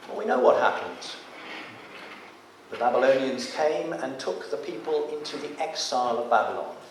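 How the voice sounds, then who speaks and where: A man delivers a sermon at a middle pitch. When he reads scripture, his voice swells loud and emphatic. The sound is heavily echoey and picked up from a distance in a church, with a faint hiss behind it. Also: expressive, moderate pace. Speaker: preacher.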